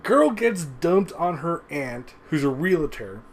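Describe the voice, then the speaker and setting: Lively, rambling man reviewing a show. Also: a little high, slow, slight background noise. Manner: rambling, profane, chuckling. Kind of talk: casual review commentary. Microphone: webcam recording.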